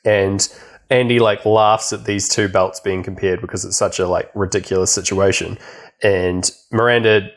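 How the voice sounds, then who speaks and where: A man's voice: low voice, steady tone, normal speed. A young man co-hosting a podcast, casually recapping a film with lots of fillers and laughter. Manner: rambling, many fillers, laughs often. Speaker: podcast co-host.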